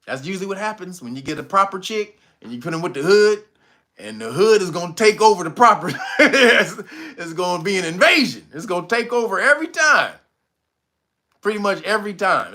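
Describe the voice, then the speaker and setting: A man hosting a casual livestream, talking loosely with a lot of swearing and frequent laughter. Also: high voice. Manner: laughing often, animated, profane. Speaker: host.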